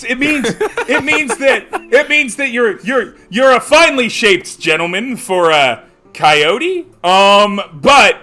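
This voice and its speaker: A man voicing a fawning male carnival game barker with stammering, flattering patter. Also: very high voice, slow pace, faint music behind, pitched above the performer's own voice, full character voice.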